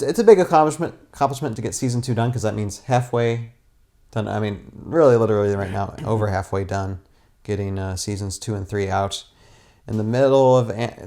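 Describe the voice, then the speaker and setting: A man's voice: medium pitch, a little mellow. A man, a guest and stop-motion animator, chatting casually indoors, rambling with lots of restarts and little rants. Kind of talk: casual chat. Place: indoors, sitting on a futon.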